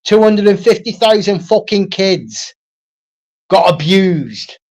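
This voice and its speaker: A man's voice: high voice, expressive, slow pace, a little mellow. A man ranting on his own live stream, blunt and profane, repeating himself and asking "right?" again and again. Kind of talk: solo livestream rant.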